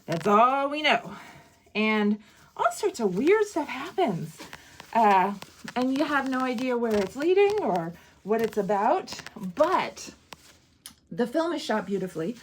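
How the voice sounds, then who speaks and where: A woman casually reviewing an old film in a chatty vlog, animated and laughing often, acting out bits of dialogue. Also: on the high side, measured pace, a little hiss or hum.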